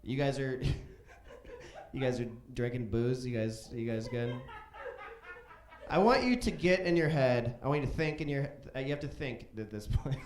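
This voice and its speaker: Animated comedian from Chicago in a roomy club. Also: male voice, mid-range voice, moderate pace, a little hiss or hum. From Chicago, USA. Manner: animated, profane, jumps into loud voices for quotes. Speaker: stand-up comedian. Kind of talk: stand-up comedy storytelling. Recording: roomy club stage echo.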